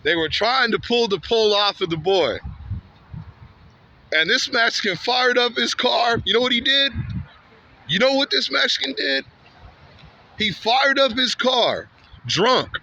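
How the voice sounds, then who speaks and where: With an extremely high, lively voice, a Santa Ana, California man tells a walking-vlog story outdoors on a street, going a little slow and pausing often in a sharp tone. The audio has its highs cut off and slight background noise. He's rambling, repetitive, and heated, frequently ending with "man" or "bro."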